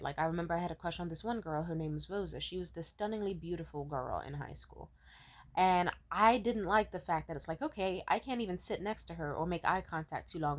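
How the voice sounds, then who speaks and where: A vlogger in her twenties tells personal stories casually to the camera. She swings between loud excitement and soft, low asides, and swears freely.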